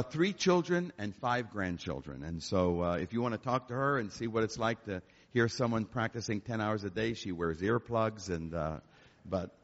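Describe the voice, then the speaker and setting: An older man, a concert pianist, telling joking stories to an audience at a church. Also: medium pitch. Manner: animated, joking storyteller. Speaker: concert pianist and guest speaker. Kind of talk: storytelling talk to an audience. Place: church hall. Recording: echoey hall, dull lo-fi sound.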